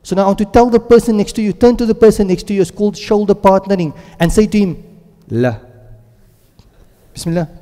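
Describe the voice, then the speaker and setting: A man's voice: sits high, fairly quick, long pauses. Man teaching a class in an echoing hall. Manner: lively, asks the class questions and drills words. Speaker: Quran and Arabic grammar teacher. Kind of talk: classroom lecture. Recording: long echo of a lecture hall.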